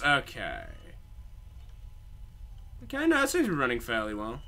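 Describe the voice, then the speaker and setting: A man's voice: on the high side, very animated, moderate pace, long pauses, bright, forceful tone. A man doing rambling, sweary, sarcastic let's-play commentary. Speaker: game streamer.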